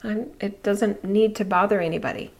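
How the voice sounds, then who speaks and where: A woman's voice: medium pitch, normal speed. Candid, chatty woman host. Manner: candid, chatty, laughs often, acts out quotes. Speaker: video host. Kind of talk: reflective monologue to viewers.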